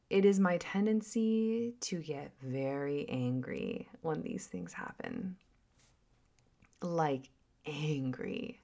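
A woman and mother shares a casual, rambling reflection as a vlog. Her voice sits low and slow with a gravelly fry, and she often slips into hushed, whispered asides. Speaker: mother and vlogger.

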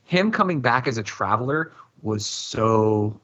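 A man on a podcast panel, talking in an animated, rambling way and acting out his own reactions. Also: mid-range voice, measured pace, dull audio. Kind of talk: casual podcast chat.

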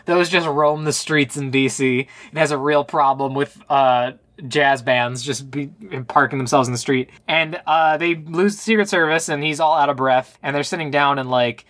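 A man's voice: on the high side, normal speed, few pauses. A man co-hosting a podcast, sarcastically recapping a movie in casual chat and mimicking the characters. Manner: sarcastic, animated retelling with put-on quotes. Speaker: podcast co-host.

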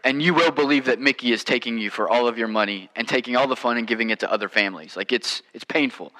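Bright-voiced man preaching in a big echoing hall. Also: mid-range voice, quick pace. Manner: conversational, with many fillers and restarts. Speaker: pastor. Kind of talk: storytelling sermon.

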